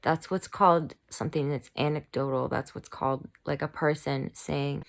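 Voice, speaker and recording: Woman, fired-up commentary vlogger; low, gravelly voice, furious and shaky. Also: steady tone, normal speed, hardly any pauses. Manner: heated, fired-up ranting. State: shaking with anger. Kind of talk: angry personal commentary. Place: home room, bad lighting.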